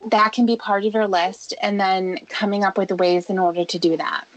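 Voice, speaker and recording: A woman hosting a radio advice show, talking a caller through a habit in a calm, measured, coaching way. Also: medium pitch, no room sound, poor audio. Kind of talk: advice talk on a radio call.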